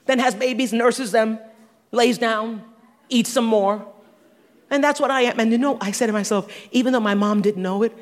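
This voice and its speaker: A middle-aged woman giving a sermon testimony in a church, animated, humorous and self-deprecating. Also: a little high, in a large hall. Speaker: church speaker.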